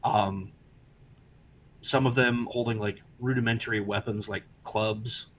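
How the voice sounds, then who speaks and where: A man's voice: on the low side, fairly even intonation, unhurried, a bit bright, lo-fi sound. A man narrating a tabletop game as game master, describing the scene loosely with many fillers over an online call.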